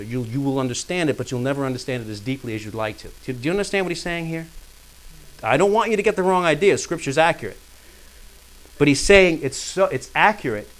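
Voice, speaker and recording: A man teaching a Bible study. He reads quoted passages slowly and emphatically, then explains them in quick, plain asides and often checks whether his listeners follow. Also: on the high side. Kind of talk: teaching sermon with read-aloud quotes.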